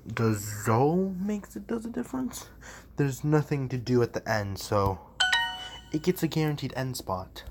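A man's voice: medium pitch, darkish tone, slight background noise. A man rambling in a goofy, jokey way from his room while practicing on a language app. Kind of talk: casual rambling commentary.

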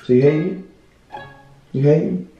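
A man's voice: a little high, moderate pace, distant mic, dull audio, faint music behind. A young man in a home bedroom, teasing and mumbling in a laid-back way during a prank vlog. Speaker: vlogger. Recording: very echoey room.

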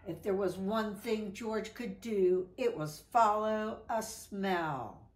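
A woman reading a children's picture book aloud in an animated, sing-song storytelling voice, with voiced exclamations and howls. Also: medium pitch, slow pace, echoey room.

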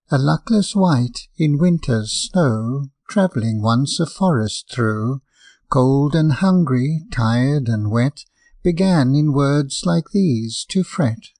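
A man narrates rhyming fables slowly, with a gravelly, mellow voice. His reading is measured and rhythmic, setting the verse in an even beat. The sound is close and dry. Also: medium pitch, dry recording. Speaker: audiobook narrator.

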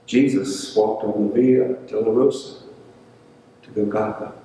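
A man's voice: on the low side, a little slow, dark tone, a little hiss or hum. Man preaching in an echoey church. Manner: storytelling, acts out quoted voices. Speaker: pastor. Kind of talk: sermon. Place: church sanctuary. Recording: echoey church hall, mic at a distance.

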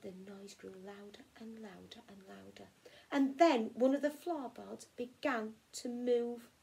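A woman teacher from England reading a children's picture book aloud in an expressive storytelling way. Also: fairly high pitch, measured pace, vocal fry. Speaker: primary school teacher.

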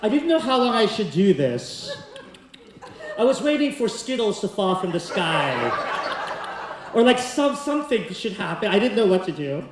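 A man's voice: high voice, very animated, moderate pace, background noise. Theatrical man telling a story onstage. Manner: comic, theatrical, breaks into song. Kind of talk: live storytelling performance. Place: community center stage before a laughing audience. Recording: echoey hall, distant mic.

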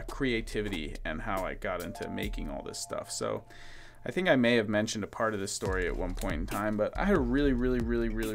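A young man with a fairly low voice chats casually while opening cards and telling a story. He rambles with plenty of ums and likes in an easygoing way. Music plays clearly under his voice. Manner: rambling, relaxed, frequent fillers. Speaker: card-opening host. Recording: music playing clearly behind the voice.

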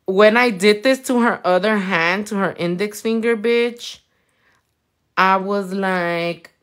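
While she works on nails and reads through comments, this Californian nail tech keeps up a playful, casual chat in her Californian accent, swearing freely and slipping in Spanish words. Her mid-range voice is a bit bright and slow-paced.

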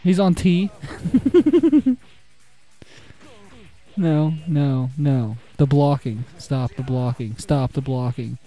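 A young man giving excitable, casual gameplay commentary, trash-talking the computer opponents and laughing often. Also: mid-range voice, a little slow, few pauses, soft background music. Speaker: gaming channel host.

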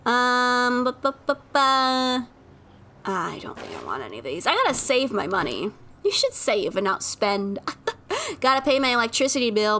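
A playful woman with a high, bright voice chats with her viewers while she games on a live stream. She giggles often, and her pitch bounces all over. She is recorded on a desk mic in a room at home. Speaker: game streamer. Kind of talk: casual live-stream chat while gaming. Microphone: desk mic at a home streaming setup.

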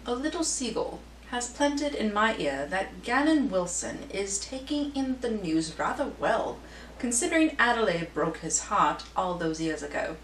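A woman's voice: medium pitch, lively intonation, measured pace, lightly acted. A woman voicing a gossipy female society columnist in a put-on British-style accent, with arch, theatrical delivery. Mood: arch gossip. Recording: roomy echo, distant mic, faint hum.

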